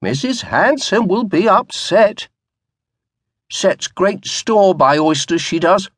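A man's voice: high-pitched, animated, takes it slowly, a bit bright, no room sound, studio quality, pitched above the performer's own voice, heavily acted. A man voicing a timid, plaintive old male butler who fusses over his master. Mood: fussing. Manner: plaintive, fussing.

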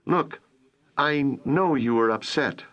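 A man voicing a nervous young woman who stammers and gets flustered, raising his voice high, on a muffled lo-fi recording. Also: slow pace, fairly bright tone.

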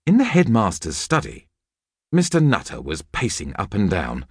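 A man narrating a children's audiobook with lively, expressive storytelling. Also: sits low, normal speed, breathy edge, no room sound, studio quality.

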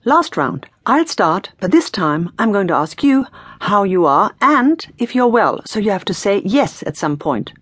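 A woman's voice: mid-range voice, big pitch swings, a little slow, husky, dry recording. A woman teaching in a scripted audiobook lesson, prompting the learner in an encouraging, playful way. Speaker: language teacher.

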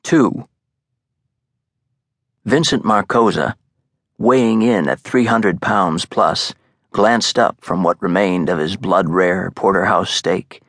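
A man reading a thriller audiobook in a measured, suspenseful narration. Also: deep voice, a bit bright, no echo. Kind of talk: scripted narration. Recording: dry, close studio sound.

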